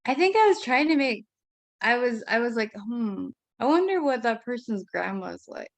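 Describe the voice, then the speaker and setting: A woman writer chatting about her piece in an excitable, self-deprecating way, tripping over her words. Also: a little high, moderate pace, vocal fry, no echo. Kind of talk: casual chat.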